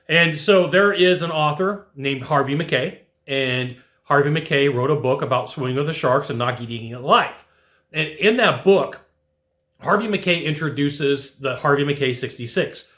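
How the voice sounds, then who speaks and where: Male sales trainer, higher-pitched, lively talk, roomy echo. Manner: animated, acts out quick mock dialogues. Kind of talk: direct-to-camera sales coaching.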